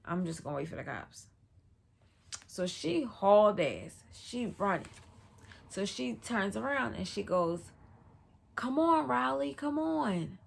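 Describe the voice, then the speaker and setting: Animated young woman telling a wild story. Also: unhurried, vocal fry, breathy edge. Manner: animated, profane, acts out quotes with big pitch jumps. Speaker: vlogger telling a personal story. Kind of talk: casual storytime.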